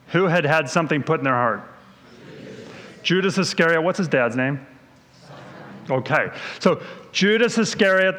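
Man, Bible teacher, higher-pitched, conversational quizzing style, reverberant hall. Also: pushed and bright. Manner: quizzing, conversational, explains as he goes. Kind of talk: question-and-answer Bible story review.

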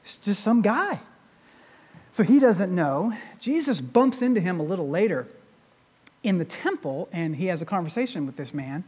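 Animated pastor preaching in a reverberant hall. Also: medium pitch, moderate pace, breathy edge. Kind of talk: sermon. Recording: long reverb of a large hall.

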